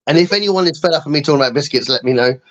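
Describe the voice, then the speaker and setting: A man's voice: a little high, very fast, fairly bright tone, muffled recording. A middle-aged English man chatting casually on a live stream, rambling and self-mocking, often laughing. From England. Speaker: guest co-host.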